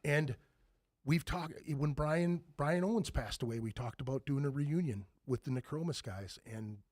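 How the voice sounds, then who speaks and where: A man in his forties, a band member guest on a podcast, telling stories in a lively, profane way and loudly acting out what people said. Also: medium pitch, normal speed, dry recording, clean studio sound. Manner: animated, profane, acts out quoted lines loudly. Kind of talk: casual podcast storytelling.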